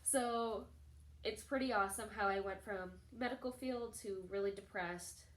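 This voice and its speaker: A young woman talking straight to her camera, telling a personal story in a chatty, animated way and acting out other people's lines. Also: normal speed. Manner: chatty, animated, acts out quoted people in a higher voice. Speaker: vlogger. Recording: echoey room.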